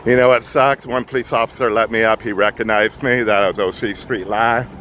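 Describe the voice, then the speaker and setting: An out-of-breath man giving urgent, halting live commentary outdoors on a freeway bridge, filmed on a phone. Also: lowish voice, fairly even intonation, a bit bright, a little hiss or hum. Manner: urgent, halting, repeats himself. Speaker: live street news streamer.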